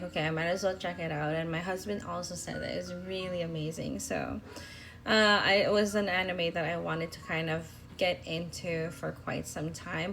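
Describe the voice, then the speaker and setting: Rambling, low-voiced woman vlogger. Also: fairly bright tone, a little hiss or hum. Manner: rambling, with many fillers and restarts. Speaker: planner vlogger. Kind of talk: casual voice-over while decorating a planner.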